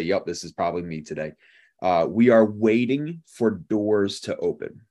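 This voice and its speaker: A male pastor preaching a sermon, telling a lively story and acting out the people in it with laughter. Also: low voice.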